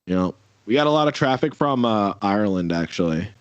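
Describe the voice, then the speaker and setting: A man's voice: lowish voice, expressive, a little fast, smooth, dry recording. A man in a casual interview chat, rambling with many fillers and restarts over a video call. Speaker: musician guest. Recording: dull lo-fi audio.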